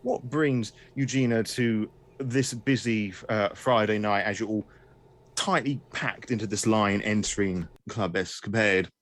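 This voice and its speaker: A man's voice: lowish voice, measured pace. A man narrating as game master, wry and self-mocking, with frequent restarts.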